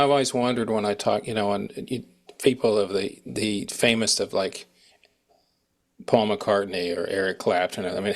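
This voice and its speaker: Gravelly-voiced man hosting a casual interview. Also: fairly low pitch. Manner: rambling, trails off mid-sentence. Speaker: interviewer host.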